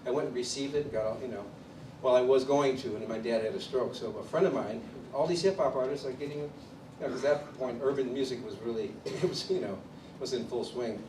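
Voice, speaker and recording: A man from Chicago, a drummer, tells his story at a clinic in an animated way and acts out the voices of the people he quotes. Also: medium pitch, fast talker, few pauses. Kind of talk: storytelling interview. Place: drum clinic in a studio room. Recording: distant mic in an echoey room with background noise.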